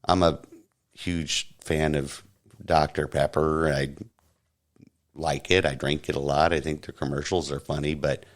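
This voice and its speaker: Very deep-voiced man telling a story. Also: flat delivery, a little slow. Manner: conversational, recounting an anecdote step by step. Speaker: podcast host. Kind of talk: casual podcast storytelling.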